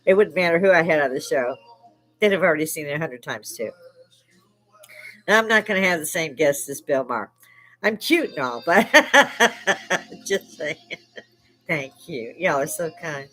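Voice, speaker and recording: An older woman from Chicago chats on a live stream in a salty, profane way, breaking into laughs often. Her voice sits somewhat low, and faint music plays underneath. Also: lively intonation, normal speed, pauses often, a bit bright, low-quality recording. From Chicago, United States. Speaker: live stream host, army veteran. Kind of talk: casual live stream chat.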